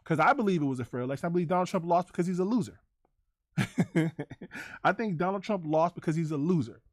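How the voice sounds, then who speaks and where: A man's voice: a little high, expressive, a little fast, dry recording, studio quality. A man hosting a livestream, ranting to his chat in a combative, profane, repetitive way. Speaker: livestream host.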